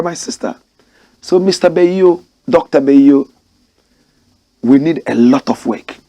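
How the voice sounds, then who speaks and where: A man's voice: medium pitch, dark tone, husky, no echo. Emphatic man, dry close sound. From Ghana. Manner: preachy, emphatic, addresses listeners directly. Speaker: commentator and host. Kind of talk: passionate storytelling commentary.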